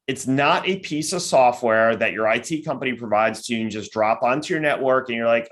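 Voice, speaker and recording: A man giving a virtual conference lecture in a conversational way, often tagging his points with quick questions to the audience. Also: mid-range voice, a bit bright. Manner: conversational, with frequent tag questions; acts out listeners' objections in quoted voices. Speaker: cybersecurity company executive giving a lecture.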